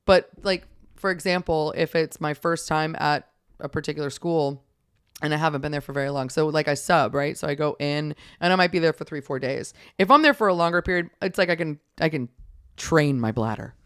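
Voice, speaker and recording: A woman chatting casually as a podcast guest, telling stories in a blunt, profane and animated way. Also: sits low, brisk, smooth, no echo, clean studio sound. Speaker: podcast guest, substitute teacher.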